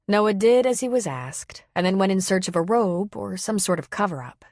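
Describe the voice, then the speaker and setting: A woman narrating an audiobook novel with an even, clear storytelling delivery. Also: medium pitch, moderate pace, few pauses, dry recording, studio quality.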